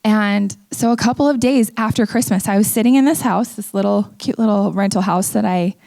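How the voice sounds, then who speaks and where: A woman's voice: medium pitch, brisk, creaky, mellow, dry recording. A middle-aged woman from Utah giving an earnest, candid personal testimony talk at an event. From Utah, USA. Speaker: speaker. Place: event venue.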